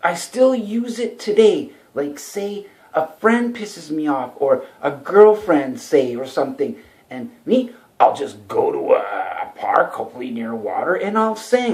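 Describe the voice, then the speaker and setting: A man's voice: on the high side, a little mellow. Earnest rambling man telling his story. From Canada. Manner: earnest, rambling, repeats "okay" and "you know". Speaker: singer and vlogger. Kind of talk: personal storytelling vlog.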